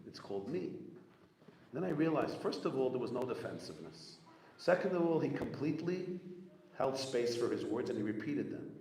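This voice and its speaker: Animated male storyteller in an echoey hall. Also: medium pitch. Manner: animated storyteller, repeats phrases, acts out quotes. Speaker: rabbi speaking at a gathering. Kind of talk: storytelling talk to an audience. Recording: echoey hall with long reverb, faint room noise.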